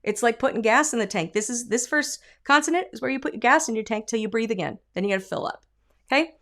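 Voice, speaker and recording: An energetic woman vocal coach, in middle age, walks through a singing lesson. Her explanations are emphatic, and she breaks off into short sung examples. She sounds as if she is recording in a home studio. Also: fairly high pitch, fast. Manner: lively, emphatic teaching with sung and spoken examples.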